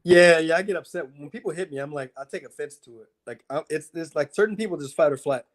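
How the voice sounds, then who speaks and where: A man, a mixed martial arts fighter, telling his fight stories in a casual interview, animated and profane, with lots of filler words. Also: on the high side, fast talker. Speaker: MMA fighter guest.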